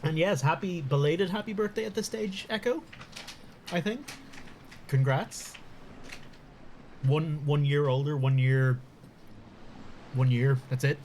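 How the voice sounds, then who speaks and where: A man's voice: fairly high pitch, a little slow, long pauses, a little mellow, slight background noise. A man chatting casually on a live stream, talking with his mouth full and laughing often.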